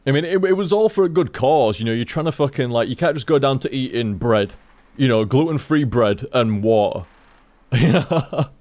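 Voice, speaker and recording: A man's voice: mid-range voice, lively intonation, moderate pace, a little mellow, no echo. A man streaming from home at his computer, rambling casually to viewers, swearing freely and repeating himself. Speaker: game streamer.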